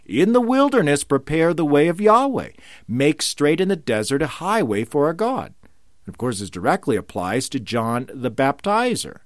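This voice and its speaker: A man preaching with a mid-range voice that swings widely in pitch. He lifts quoted scripture into ringing emphasis. The sound is dry and close, with no room around it. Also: no echo. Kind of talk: sermon.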